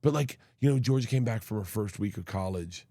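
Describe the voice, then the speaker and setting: A middle-aged man, a comedian and guest, telling animated family stories in a casual interview and acting out voices as he goes. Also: lowish voice, brisk, no room sound, clean studio sound. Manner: animated storyteller, acts out family members' voices. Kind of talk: storytelling interview chat.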